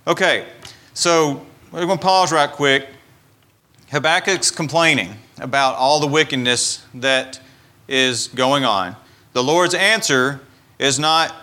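Bright-voiced man teaching the Bible. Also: a little high, slow. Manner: conversational, explains and paraphrases scripture. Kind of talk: informal Bible teaching sermon.

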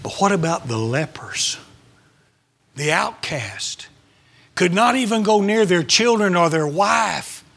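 A man's voice: sits high, animated, unhurried, vocal fry, fairly bright tone, breathy edge. A man preaching a sermon, emphatic and dramatic, sometimes dropping his voice to a whisper.

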